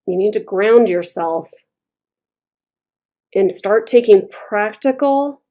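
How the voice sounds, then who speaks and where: A woman's voice: medium pitch, expressive, slow pace, dark tone. Blunt, chatty woman reading tarot. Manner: blunt, chatty, swears freely. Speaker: tarot reader.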